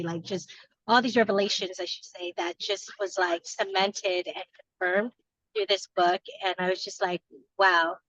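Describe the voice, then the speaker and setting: A woman's voice: mid-range voice, a bit bright, no echo. Earnest woman sharing, dull lo-fi sound. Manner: earnest, rambling with restarts. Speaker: book club member. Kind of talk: casual personal sharing.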